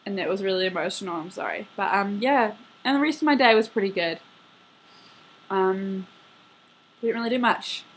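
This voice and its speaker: A woman's voice: medium pitch, expressive, moderate pace, pauses often, slight background noise. Chatty eighteen-year-old girl rambling. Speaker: vlogger messaging her best friend. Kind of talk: casual video message. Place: her bedroom at home.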